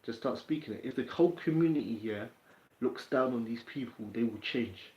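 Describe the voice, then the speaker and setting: A man from England with a London accent hosts a casual livestream, speaking a little fast in a mid-range voice. He chats in a streetwise way and answers comments from viewers. The recording sounds roomy, dull and lo-fi.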